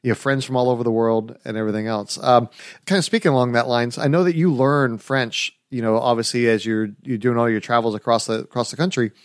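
Host, American man, friendly and chatty, mid pitch, dry close-miked sound. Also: fairly even intonation, fast talker, dry recording. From United States. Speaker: podcast host. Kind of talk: casual interview.

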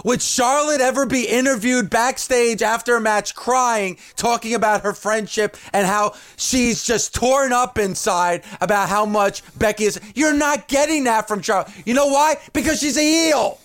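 A man with a fairly high voice hosting a wrestling talk show. He chats in an easy, emphatic way, backing up his co-host and piling on points. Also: moderate pace, hardly any pauses, fairly bright tone. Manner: chatty, agreeing, emphatic. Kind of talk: casual chat.

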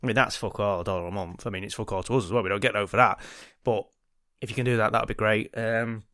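A man's voice: fairly low pitch, steady tone, fast talker, a bit bright, no room sound, studio quality. A man hosting a podcast, telling a crude joke and rambling casually. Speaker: podcast co-host.

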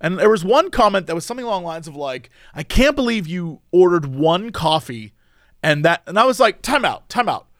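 A man's voice: high-pitched, a little fast, dry recording, clean studio sound. A man co-hosting a casual podcast chat, telling stories and acting out what people said. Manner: animated storyteller who acts out quotes. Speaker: podcast co-host.

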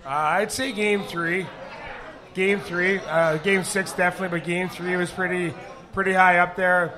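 A middle-aged man and former hockey player, speaking with a raspy voice, answering questions casually at a live bar event. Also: high voice, moderate pace. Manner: relaxed, rambling with fillers.

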